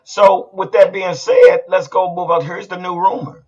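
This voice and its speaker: A man hosting a casual sports podcast, talking in an animated, rambling way. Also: high voice, normal speed, dull audio. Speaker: podcast host.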